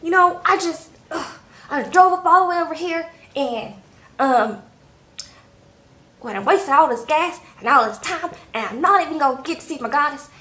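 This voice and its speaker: An upset young man complaining in a high, loud, whining voice, voiced by a woman retelling the scene. The delivery is exasperated and emphatic, in a casual acted-out style. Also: lively intonation, moderate pace, echoey room. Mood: frustrated.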